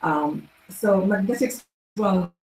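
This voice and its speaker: A woman's voice: mid-range voice, fairly even intonation, slow, darkish tone. Chatty woman speaking in an echoey room. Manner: chatty, with many fillers and restarts. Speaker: guest speaker. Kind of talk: casual public talk. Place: large event room. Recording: echoey room with faint background noise.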